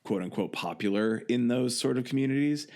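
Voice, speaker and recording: A man's voice: medium pitch, brisk, darkish tone. A young man from the Chicago suburbs talking in a casual podcast chat, rambling and joking with lots of fillers. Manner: rambling, filler-heavy, jokey storytelling. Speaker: guest musician.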